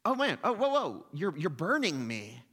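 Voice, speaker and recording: A man acts out a frightened ghost of a man who stammers in panic, his voice jumping high and loud. A long hall reverb trails behind him. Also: wildly swooping pitch, moderate pace, breathy edge, exaggerated voice. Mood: panicky.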